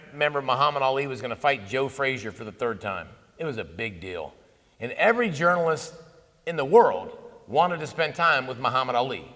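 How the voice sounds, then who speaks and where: A man in his fifties giving a conversational, animated talk on Catholic faith at a conference, telling stories with asides. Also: fairly high pitch. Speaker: conference speaker. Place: conference hall. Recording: long hall reverb.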